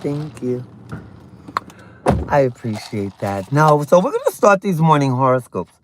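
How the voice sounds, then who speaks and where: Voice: mid-range voice, very animated, unhurried, background noise. A livestream host chatting casually with viewers during a morning stream, eating breakfast while talking, with sassy, playful asides. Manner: chatty, talks to viewers between bites of breakfast.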